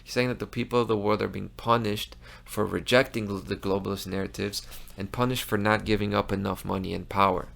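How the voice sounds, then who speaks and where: A man's voice: fairly low pitch, flat delivery, brisk, creaky, hardly any pauses, fairly bright tone. A man hosting a commentary show, talking in a heated, emphatic way with frequent restarts. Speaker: host. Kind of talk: impassioned commentary monologue.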